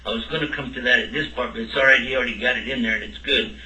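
A man's voice: mid-range voice, steady tone, racing, sharp tone. A man giving a religious lesson to a class, quizzing his listeners with questions along the way. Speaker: religious teacher. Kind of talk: lecture to a class. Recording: echoey room, mic at a distance.

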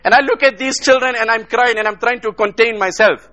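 Man, high voice, bright tone, emotional sermon, rhetorical repetition, Arabic phrases. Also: fairly even intonation, brisk. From South Africa. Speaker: Islamic speaker.

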